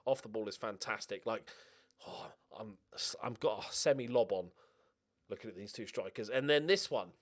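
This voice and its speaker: A man's voice: lowish voice, fairly quick. A young man hosting a gaming channel, talking through his game in casual, jokey let's-play commentary and swearing now and then.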